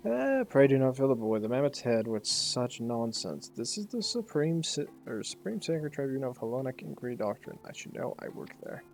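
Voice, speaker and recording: A man's voice: mid-range voice, big pitch swings, normal speed, creaky, few pauses, darkish tone, slight background noise. A man voicing a pompous aristocratic game character in a theatrical, put-on posh accent, reading the lines aloud over a game. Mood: haughty.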